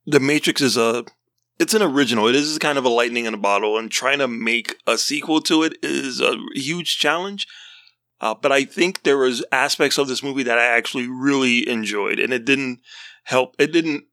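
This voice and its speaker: Bright-voiced, easygoing male co-host. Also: medium pitch, moderate pace, dry recording, clean studio sound. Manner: easygoing, laughs often. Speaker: podcast co-host. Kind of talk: casual movie-review podcast.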